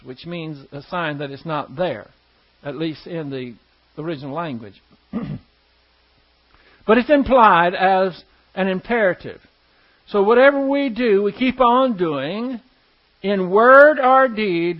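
High-voiced man teaching a folksy Bible class. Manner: folksy, explanatory, asks the class questions. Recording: dull lo-fi classroom recording.

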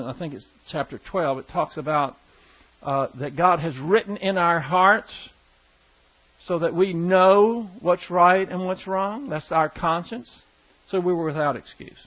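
A man's voice: fairly high pitch, moderate pace. A man teaching an informal Bible class in a folksy, explanatory way, often putting questions to his class. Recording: dull lo-fi classroom recording.

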